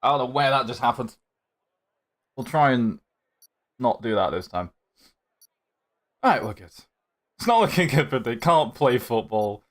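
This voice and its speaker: A man's voice: mid-range voice, measured pace, pauses often. A young man commentating his own sim race live, chatting to opponents and viewers as he drives. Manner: animated, talks to other drivers and chat while racing. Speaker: sim racing streamer.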